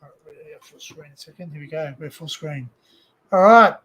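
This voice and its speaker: A man's voice: fairly high pitch, normal speed, bright, forceful tone. Aussie guy chatting on his home livestream, rambly, lots of ums and restarts, desk mic. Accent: Australian. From Australia. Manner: rambling, many fillers and restarts. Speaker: livestream host. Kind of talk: casual livestream chat. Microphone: desk microphone.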